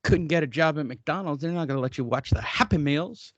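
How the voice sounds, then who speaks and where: A man hosting a casual boxing podcast, excitable and joking, often cutting in with quick remarks. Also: fairly high pitch, no echo, muffled recording. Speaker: podcast host. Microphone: headphones, podcast mic.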